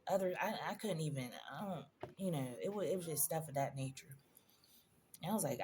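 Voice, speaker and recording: A woman's voice: sits low, fairly quick, a little mellow, slight background noise. Emotional woman telling a personal story. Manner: emotional, conversational, addresses viewers as y'all. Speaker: vlogger.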